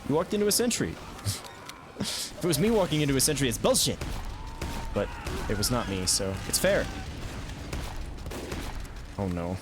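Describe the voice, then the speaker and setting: A man streaming a video game, chatting casually about his plays with self-amused asides and quick reactions. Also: mid-range voice, big pitch swings, over music. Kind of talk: casual gameplay commentary.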